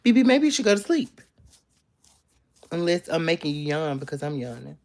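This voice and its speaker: Young woman, low-pitched, playful and sassy streamer reading comments. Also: very animated, normal speed, a little mellow. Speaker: live streamer. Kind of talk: casual chat reading viewer comments. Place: bedroom, in bed.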